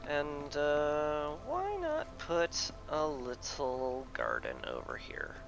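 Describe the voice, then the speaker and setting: Male gamer, gravelly and animated, casual playthrough commentary. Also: on the high side, background noise. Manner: musing aloud, playful asides, drawn-out fillers. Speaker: video game player.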